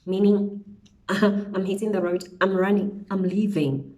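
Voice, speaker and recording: A young South African beauty vlogger chats through a storytime while doing her makeup, animated and sprinkling in slang interjections. She speaks unhurriedly in a mid-range voice, indoors at home with wind outside, and the audio is poor.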